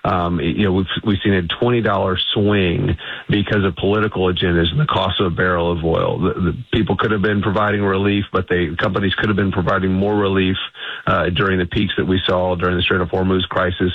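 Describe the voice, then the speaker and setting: Deep husky man on a tinny phone line. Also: flat delivery, fairly quick, no echo. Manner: confident, emphatic advocacy. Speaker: energy think tank CEO, guest. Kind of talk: radio interview answers.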